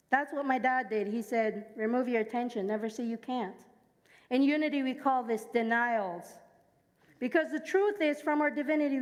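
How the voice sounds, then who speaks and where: A Jamaican woman with a high voice delivers a sermon full of personal stories. She keeps asking the congregation to join in and repeat her words. Her voice carries with a long reverb through an echoey church hall. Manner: engages the congregation, asks them to repeat lines; personal storytelling. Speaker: speaker at a church service.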